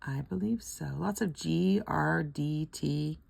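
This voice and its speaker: A woman's voice: sits low, slow pace, gravelly, darkish tone, breathy edge, no room sound. An older woman chatting casually at home while scratching lottery tickets, rambling, laughing often and murmuring letters half under her breath.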